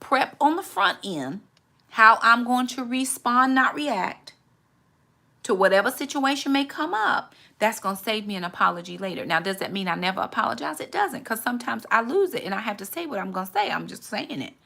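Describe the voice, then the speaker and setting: A woman talks easily about faith and family life as host of her own channel. Her voice is bright and sits a little high. She often jumps into quick, high, animated voices to act out other people. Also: creaky. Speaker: channel host, mother giving faith advice. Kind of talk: casual faith talk to camera.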